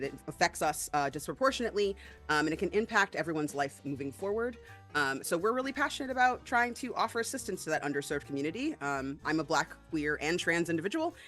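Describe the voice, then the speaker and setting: A woman hosting a charity game stream, chatty and excitable, with many ums. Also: fairly low pitch. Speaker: stream host.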